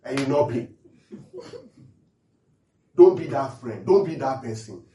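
Animated preacher man, echoey and distant. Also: medium pitch, takes it slowly. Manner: animated, laughing often, asks the audience questions. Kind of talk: humorous sermon.

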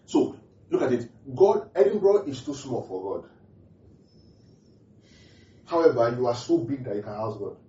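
A man's voice: mid-range voice, very animated, moderate pace, pauses often, mellow. Preacher man in an echoey church hall. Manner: call-and-response questions to the congregation; repeats key phrases emphatically. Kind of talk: sermon. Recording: distant, echoey, muffled hall recording.

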